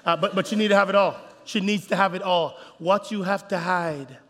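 A man preaching a sermon to a crowd of couples, animated, calling out to the men and acting out little scenes. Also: high-pitched, a little fast. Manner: animated, acts out voices, calls out to the crowd. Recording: reverberant hall.

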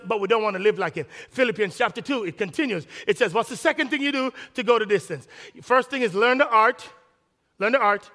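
A man preaching a sermon as pastor, animated, repeating lines for emphasis. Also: high voice, big-room sound. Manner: animated, acts out quoted dialogue, repeats phrases for emphasis.

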